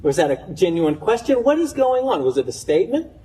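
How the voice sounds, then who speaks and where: A pastor preaches to his congregation in a conversational style, his voice sitting high for a man. He stumbles into quick restarts and lifts his pitch when he asks questions. He sounds set back from the microphone in the church. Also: sing-song, mellow, far from the mic, low-quality recording. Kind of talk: sermon. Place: church sanctuary.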